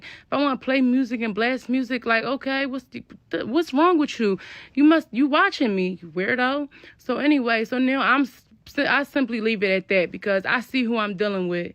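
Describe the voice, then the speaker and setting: A young woman with a fairly high voice tells a storytime in a blunt, slangy way and spells out her curse words. The recording sounds dull and lo-fi, dry and close. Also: a bit bright, no echo. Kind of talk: casual storytime.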